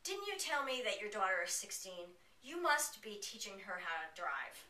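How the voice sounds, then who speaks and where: A blunt, skeptical woman friend, put on by a woman telling a story, firing off questions in disbelief. The voice is bright and forceful. It sounds distant in a roomy space. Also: mid-range voice, big pitch swings, moderate pace. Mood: incredulous. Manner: incredulous questioning.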